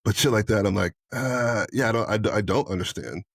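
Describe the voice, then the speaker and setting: Fast-talking low-voiced man telling stories. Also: vocal fry, slightly rough, no echo, studio quality. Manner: animated storyteller acting out both sides of conversations, swears freely. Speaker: podcast co-host. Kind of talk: candid casual chat.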